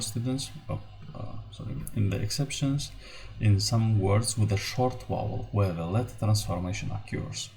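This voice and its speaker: A man teaching a language lesson, explaining rules in a slow, halting way with many fillers. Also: lowish voice, creaky, warm tone.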